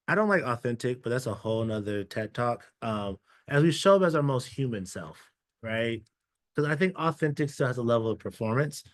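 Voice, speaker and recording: A man's voice: mid-range voice, no room sound. A man giving a casual, chatty talk as a guest speaker, telling stories with dry humor and acting out quoted dialogue. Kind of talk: storytelling talk to an audience.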